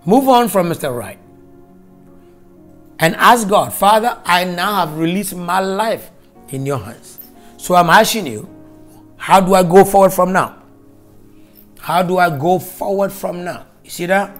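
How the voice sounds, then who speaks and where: A preacher delivering a broadcast sermon and prayer, slow and emphatic, repeating key phrases for weight. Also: mid-range voice, lively intonation, soft background music.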